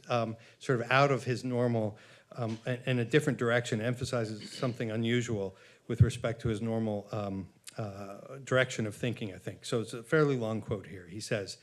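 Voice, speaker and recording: A man giving a conference lecture, reading from his paper in a measured, halting way with frequent fillers and self-corrections, and reading long quotations aloud. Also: medium pitch. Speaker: conference speaker.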